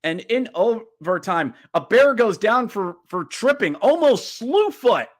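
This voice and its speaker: A man hosting a podcast, recapping a hockey game as a fan, getting riled up and yelling during the play-by-play. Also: high voice, very animated, a little slow. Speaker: podcast host.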